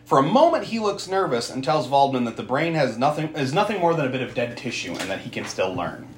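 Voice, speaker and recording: Man, casual movie recap, swears and laughs, lively up-and-down voice, echoey room. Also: medium pitch, fast. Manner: laughs often, swears, acts out characters. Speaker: podcast host.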